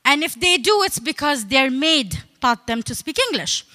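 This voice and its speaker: A woman's voice: sits high, animated, moderate pace, pushed and bright. A woman from the Emirates, giving a humorous stage talk as a comedian and storyteller in a playful, teasing, conversational way. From United Arab Emirates.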